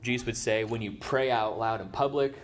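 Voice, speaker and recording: A man's voice: medium pitch, brisk, slight background noise. A man preaching a sermon as pastor, in a conversational way, often checking in with "right?". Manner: conversational, tags points with "right?".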